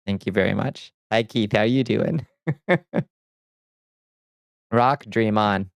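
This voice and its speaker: Low, smooth-voiced male streamer. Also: moderate pace, dry recording, clean studio sound. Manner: chatty, sardonic, reads chat aloud. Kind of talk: casual livestream chat.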